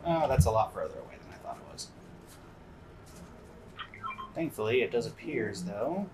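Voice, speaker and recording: A man's voice: fairly low pitch, sing-song, normal speed, noisy background. A man giving casual gameplay commentary with dry, sarcastic asides. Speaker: game commentator.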